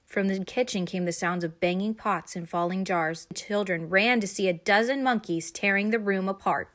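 A woman's voice: mid-range voice, moderate pace. Woman reading a children's story aloud. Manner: expressive, animated. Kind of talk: children's read-aloud narration.

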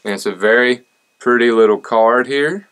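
A man's voice: medium pitch, moderate pace, fairly bright tone, clear, resonant tone, rough recording. A young man chatting casually and joking at his own expense as he opens fan mail. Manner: joking and self-deprecating. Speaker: singer and vlogger.

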